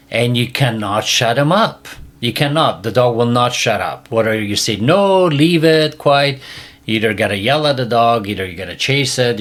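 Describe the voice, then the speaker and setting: A man hosting a casual podcast and giving dog training advice, emphatic and repetitive, often dropping his voice low and quiet.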